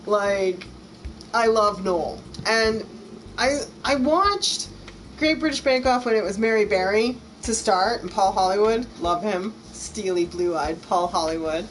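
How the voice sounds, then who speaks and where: A woman's voice: medium pitch, a little slow, a little hiss or hum, low-quality recording. An American woman streaming a game, chatting casually, gushing and laughing easily. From United States. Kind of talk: casual let's-play chat.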